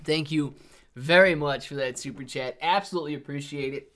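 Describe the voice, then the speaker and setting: Young guy streaming, pumped up, thanking chat, kinda breathless, slightly high voice. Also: a little fast, bright, forceful tone. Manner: hyped, thanks viewers by name. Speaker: live stream host. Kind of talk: live stream chat and market commentary.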